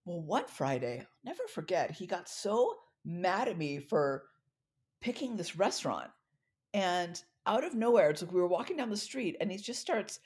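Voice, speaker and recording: A middle-aged woman telling a personal story in a talk, expressive and acting out the dialogue she recalls. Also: mid-range voice, normal speed. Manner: expressive, acts out quoted dialogue. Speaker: speaker.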